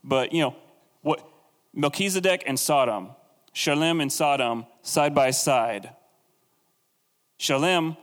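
A man's voice: on the high side, lively intonation, unhurried, pauses often, in a large hall. A man teaching a casual, conversational sermon on the Bible, with jokey asides and acted-out quotes.

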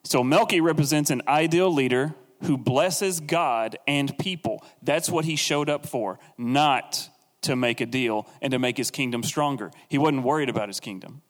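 A man's voice: medium pitch, normal speed, big-room sound. A man teaching a casual, conversational sermon on the Bible, with jokey asides and acted-out quotes.

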